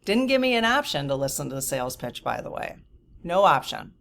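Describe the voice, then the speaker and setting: A woman in her fifties tells her story straight to the camera, her voice sitting low in pitch. She is chatty and indignant, full of "you know" and quick asides as she vents. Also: vocal fry, a little hiss or hum. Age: 50s. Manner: animated, indignant, lots of fillers and asides. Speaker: vlogger.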